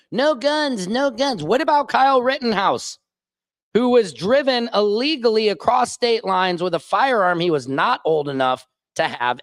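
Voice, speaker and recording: A man's voice: sits high, a bit bright, dry recording. A man from the United States hosting a livestream. He rants heatedly about politics with a lot of swearing and answers viewers' comments as they come in. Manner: profane, heated, reads viewer comments aloud. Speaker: livestream host.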